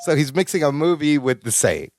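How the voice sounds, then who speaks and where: A man's voice: fairly high pitch, brisk, background noise. A man co-hosting a podcast, casually recapping a sitcom episode, telling it with animation and frequent laughter. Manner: animated storytelling, quotes characters, laughs often. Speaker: podcast co-host.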